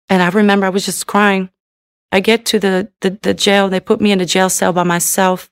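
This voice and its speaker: A woman's voice: mid-range voice, flat delivery, moderate pace, vocal fry, no room sound, studio quality. A woman giving a personal faith testimony, speaking in a candid, earnest way and often adding "you know".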